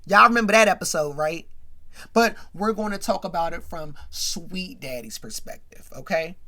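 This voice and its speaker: A man hosting a casual rant in which he recaps a sitcom episode, talking in an animated, chatty way full of "you know" and "right?". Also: sits high, moderate pace. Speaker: commentary host.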